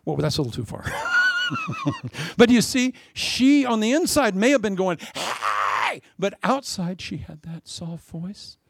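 A man preaching a lively sermon with jokes, swinging between loud punchlines and soft asides. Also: high voice, moderate pace, creaky, background noise. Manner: animated, joking, often laughing, drops to soft asides.

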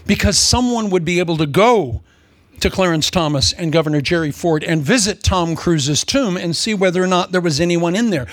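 A man preaching a humorous sermon, sarcastic and animated, slipping into mock voices. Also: high-pitched, moderate pace, no room sound.

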